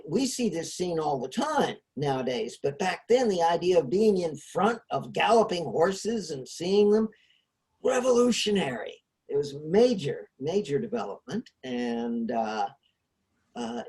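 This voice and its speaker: A man's voice: on the high side, darkish tone. A man hosting a casual discussion over a video call, explaining ideas with frequent hesitations. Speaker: host.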